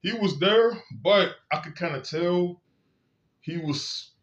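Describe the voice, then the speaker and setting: A man's voice: high voice, slow pace, fairly bright tone, highs cut off. A man telling his own story in a candid, blunt and profane monologue, full of emphasis. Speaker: vlogger.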